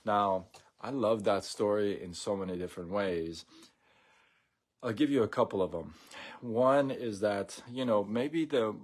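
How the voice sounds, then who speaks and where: A man hosting a casual live stream, talking in a relaxed, rambling way with many fillers and restarts. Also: on the low side, measured pace.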